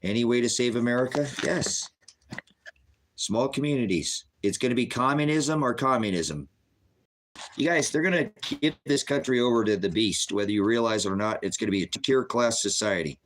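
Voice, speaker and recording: A man's voice: mid-range voice, moderate pace, slight background noise. A middle-aged man preaching bluntly on a livestream, answering viewers' chat questions in a combative, sermonizing way.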